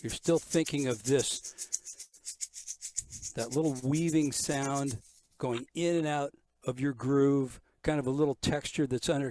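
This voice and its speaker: Speaking at a medium pitch with fairly even intonation, an older man teaches a drum lesson a little slowly, pausing often. He walks through ideas step by step and counts beats aloud, while background noise and drum kit music fill the recording.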